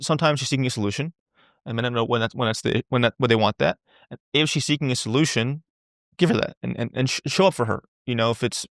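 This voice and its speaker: A man with a gravelly, fry-tinged voice talks freely as a podcast guest. He circles back on his words and swears in passing. The sound is close and dry, with no room around it. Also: medium pitch, fairly bright tone, dry recording. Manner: rambling, repeats words, swears casually. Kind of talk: candid conversational interview.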